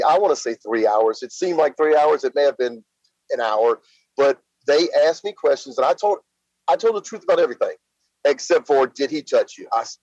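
A husky-voiced middle-aged man with a drawl talks through his story in a plain, halting way, leaning on fillers. The sound is dry and a little dull, like a lo-fi podcast line. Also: medium pitch, a little mellow, dry recording. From Louisiana. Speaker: interview guest. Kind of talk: casual spoken storytelling.

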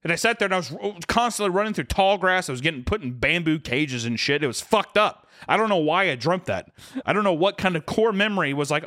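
A man's voice: sits high, lively intonation, fast, sharp tone. A young man co-hosting a podcast, telling a story in a casual, profane, jokey way. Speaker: podcast co-host.

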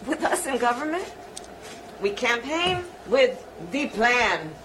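A woman's voice: a little high, very animated, takes it slowly, sharp tone, a little hiss or hum, poor audio. A woman politician in public speech clips, with casual, folksy phrasing.

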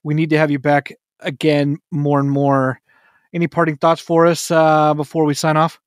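A man's voice: on the high side, monotone, smooth, dry recording, studio quality. A man hosting a casual sports podcast, jokey and upbeat. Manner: jokey, upbeat, quick laughs. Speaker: podcast host.

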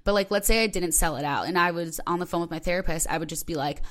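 A woman's voice: fairly low pitch, fast talker, a bit bright. A young woman hosting her own podcast, talking candidly and rambling with lots of filler words. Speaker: podcast host. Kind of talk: personal podcast monologue.

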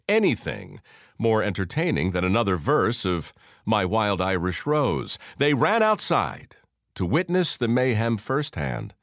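A man's voice: low-pitched, a bit bright, no echo, clean studio sound. A man narrating a scripted story in a folksy, wry storytelling manner.

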